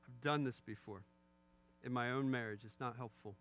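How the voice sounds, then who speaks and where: Middle-aged pastor preaching conversationally. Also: male voice, mid-range voice, steady tone, normal speed, a bit bright. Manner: conversational preaching with self-deprecating asides. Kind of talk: sermon.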